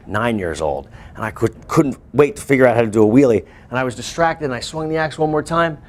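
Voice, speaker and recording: Animated man telling a story to a class. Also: medium pitch, fairly quick. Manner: animated, bursts into shouts and laughs while telling. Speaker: teacher.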